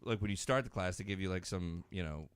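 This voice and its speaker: A man's voice: low voice, fast, smooth, dry recording. A man co-hosting a podcast in casual chat, telling rambling self-mocking stories with a slight Boston accent. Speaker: podcast co-host.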